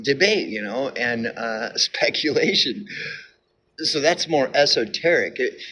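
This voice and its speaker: Emphatic, halting man with bright voice. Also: medium pitch, a little hiss or hum. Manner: repetitive, halting with restarts and fillers; insistent, emphatic. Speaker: video commentator. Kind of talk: casual monologue.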